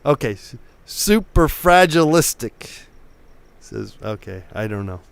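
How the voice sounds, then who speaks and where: A man's voice: mid-range voice, big pitch swings, slow, creaky, clean tone, no echo. A man from Oakland hosting a live painting stream, a few drinks in, rambling and stumbling over his words. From Oakland, California. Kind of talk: casual live-stream chat.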